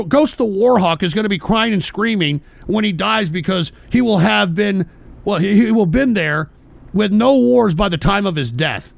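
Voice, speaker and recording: A man hosting a political radio show, ranting in a combative, profane way, often shouting and tagging lines with "all right?". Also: high voice, creaky, no echo. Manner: repeats "all right?" and "for Christ's sake". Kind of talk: political call-in rant.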